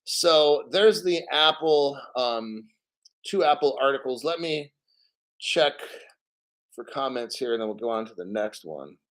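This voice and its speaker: A man's voice: mid-range voice, animated, unhurried, fairly bright tone. A man hosting a casual livestream, reading financial news and chat comments aloud and giving blunt, profane opinions.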